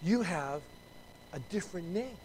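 A man's voice: high voice, expressive, a little slow, a little mellow, slight background noise, low-quality recording. A middle-aged man preaching a sermon in a conversational way, with asides and restarts and emphatic peaks. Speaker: pastor.

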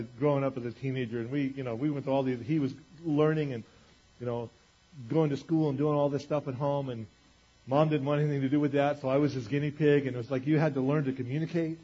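A man preaching a sermon in an animated, conversational way, acting out quotes as he goes. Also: mid-range voice, breathy edge. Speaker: pastor. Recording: dull lo-fi recording.

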